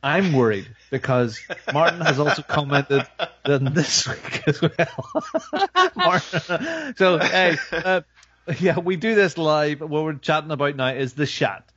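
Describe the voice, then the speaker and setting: A man's voice: on the high side, lively intonation, a little slow, a bit bright, a little hiss or hum. A man hosting a live podcast, chatting casually in a jokey, rambling way. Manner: jokey, rambling, laughs a lot. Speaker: podcast host. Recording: dull lo-fi sound.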